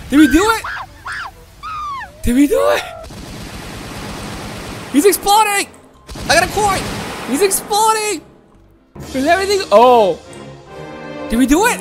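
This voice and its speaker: A woman hosting a gaming channel, giving excitable let's play commentary and talking to viewers as "guys". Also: very high voice.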